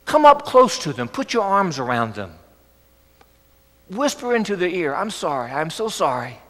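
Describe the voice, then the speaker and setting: Pastor with a higher voice, echoey church. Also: male voice. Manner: earnest, gently coaxing preaching with rhetorical questions. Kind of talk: sermon. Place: church sanctuary.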